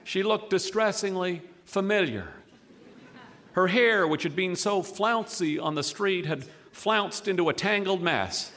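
A man telling a humorous story with wry, deliberate comic timing. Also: sits high, pushed and bright, long reverb tail.

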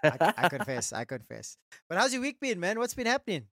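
A man's voice: sits high, fairly quick, gravelly, no room sound, clean studio sound. A man co-hosting a podcast, joking around in casual chat. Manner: playful, jokey, lively delivery. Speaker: podcast co-host.

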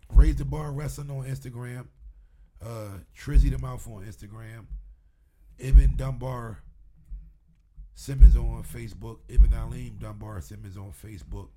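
A man who works as a wrestling promoter, chatting as a guest in a casual interview, an animated storyteller who swears freely. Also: medium pitch, unhurried, background noise.

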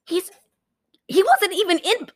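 A woman co-hosting a podcast, casually retelling a movie with animated storytelling and lots of fillers. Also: very high-pitched, measured pace. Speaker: podcast co-host. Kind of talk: casual movie recap chat.

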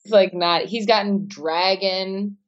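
A young woman from Wisconsin with a softened Midwestern American accent, chatting casually with many fillers and laughs. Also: steady tone, takes it slowly. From Wisconsin, United States. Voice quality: low-pitched voice. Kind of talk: casual chat. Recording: dull, muffled sound.

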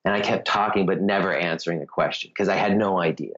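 A man's voice: sits low, fast, fairly bright tone, lo-fi sound. An American man, a yoga teacher, telling a personal story in a casual, chatty way, full of "like"s and small laughs. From United States. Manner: chatty, many "like"s, laughing asides.

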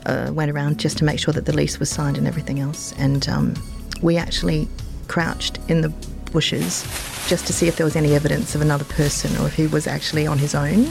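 A woman with an Australian accent, telling personal stories as an interview guest, in a rambling way with many pauses and fillers. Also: low voice, fairly even intonation, vocal fry, music in the background. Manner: rambling, warm-hearted anecdotes with many ums. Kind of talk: casual interview storytelling.

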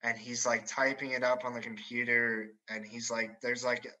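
A man's voice: mid-range voice, flat delivery, moderate pace, pushed and bright, rough recording. A man co-hosting a casual chat, telling a rambling story full of swearing and laughter. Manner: rambling, swears a lot, laughs through stories. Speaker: storyteller co-host.

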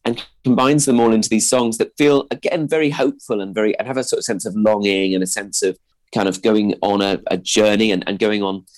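A man's voice: on the low side, fairly even intonation, brisk, darkish tone, rough recording. A man in his thirties with a posh-sounding voice, a comedian guest in a radio interview, talking hesitantly with many restarts. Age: 30s. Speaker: stand-up comedian.

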